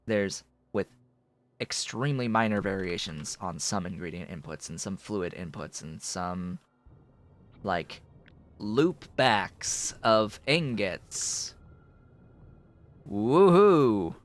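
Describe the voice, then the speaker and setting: A man streaming a game, explaining its mechanics out loud in casual commentary, thinking through them with fillers as he goes. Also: expressive, slow. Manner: coos to his cat in a soft high voice between explanations.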